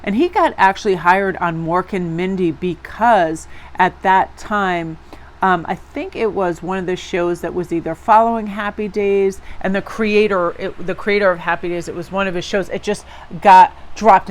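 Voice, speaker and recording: A woman's voice: mid-range voice, normal speed. A woman from Connecticut with a Northeastern American accent, giving a chatty, encouraging tarot reading to her viewers. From Connecticut, USA. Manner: chatty and encouraging, with rambling asides. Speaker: tarot reader.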